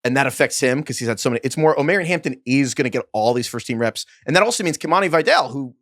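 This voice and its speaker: Fast, lively male podcast co-host. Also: mid-range voice, no echo, studio quality. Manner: fast, animated analysis. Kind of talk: casual sports chat.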